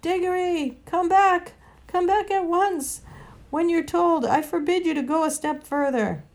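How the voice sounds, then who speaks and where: A woman's voice: very high-pitched, measured pace, pitched above the performer's own voice. A woman reading a storybook aloud and voicing a timid, fussy old uncle who scolds shrilly from afar. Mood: scolding.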